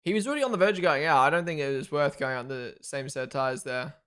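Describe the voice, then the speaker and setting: A fast-talking man with a slightly high, clean voice hosts a live race watchalong. Excitable and chatty, he comments on the action, reads his viewers' messages aloud, and gives thanks to followers.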